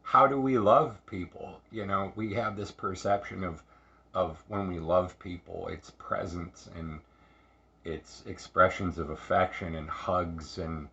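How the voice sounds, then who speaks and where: A man telling a personal story in a halting, reflective way, repeating words and restarting often. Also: deep voice, fairly even intonation, gravelly, bright, forceful tone, lo-fi sound. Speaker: speaker sharing recovery story.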